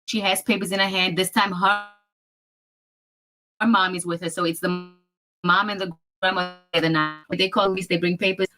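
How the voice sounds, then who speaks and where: A woman's voice: lowish voice, fairly even intonation, normal speed, pushed and bright, faint music behind. A woman in a casual vlog, emphatically telling a family story, acting out other people's lines and addressing viewers as y'all. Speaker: storyteller in her own video.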